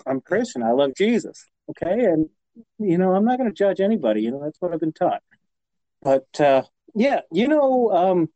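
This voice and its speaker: A man co-hosting a podcast who rambles, hesitates and gets flustered. His slightly high voice swings widely in pitch and has a mellow tone. The sound is close and dry. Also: no room sound, lo-fi sound. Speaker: podcast co-host. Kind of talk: casual chat.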